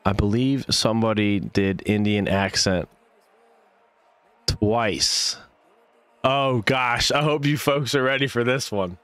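A man's voice: lowish voice, slow pace, pauses often, fairly bright tone, clean tone, no room sound, soft background music. A man casting a live esports match, hyped and chatty, greeting viewers while calling the play. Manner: hype, chatty, greets viewers mid-call. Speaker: stream host and caster.

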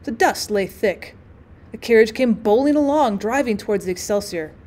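A slightly high-voiced woman reads a classic short story aloud for her students. She voices the dialogue expressively, with an occasional slip and restart. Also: normal speed. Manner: expressive, voices the dialogue with small pitch shifts. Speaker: teacher reading aloud.

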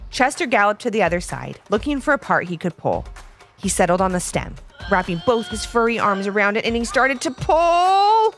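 A woman narrating a children's story with expressive, animated delivery. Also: medium pitch, fairly quick, soft background music.

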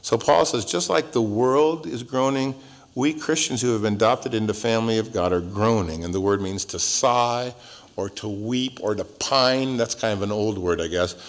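A male pastor teaching through a Bible passage verse by verse in a relaxed, joking, conversational way, his voice swinging up and down. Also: normal speed. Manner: conversational and joking, with wide swings in pitch and loudness.

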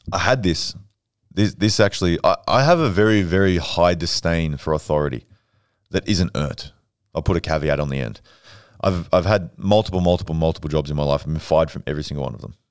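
A man's voice: low-pitched, fairly quick, clean tone, no echo, clean studio sound. A young man in his twenties, a fitness coach telling brash, profane stories in casual podcast chat. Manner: brash, profane, boastful storytelling. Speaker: podcast guest.

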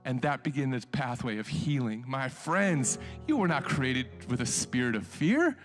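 A male pastor preaching a sermon in a colloquial, conversational way, swinging between hushed storytelling and loud, impassioned exhortation. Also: medium pitch, animated, normal speed, faint music behind.

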